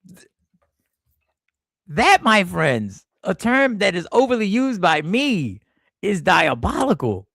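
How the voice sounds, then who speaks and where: Livestream host, male, high gravelly voice, slangy and animated, dry close sound. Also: slow pace, pauses often, no echo. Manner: animated, slangy, reacts to chat with sudden exclamations. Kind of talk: casual livestream chat reading comments. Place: airport.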